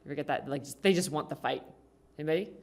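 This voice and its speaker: A woman's voice: low voice, very fast, a little mellow. A woman giving a conversational talk to a congregation, asking the audience questions. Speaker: speaker at a congregation. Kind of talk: talk on communication.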